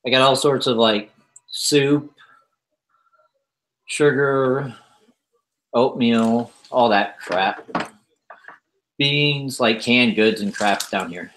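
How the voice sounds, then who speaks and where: A man hosting a casual livestream, rambling in a relaxed way with lots of fillers as he shows off his kitchen. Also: medium pitch, extremely slow, long pauses, slight background noise. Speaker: livestream host. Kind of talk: casual chat, showing his kitchen pantry on stream.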